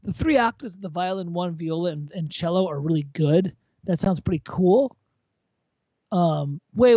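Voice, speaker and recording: A man's voice: fairly high pitch, moderate pace, creaky, no echo. Tipsy guy on stream, swears a lot, gets worked up, muffled dry audio. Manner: blunt, profane, excitable. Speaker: co-host reviewing viewer compositions. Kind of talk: casual tipsy livestream chat. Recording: dull lo-fi dry sound.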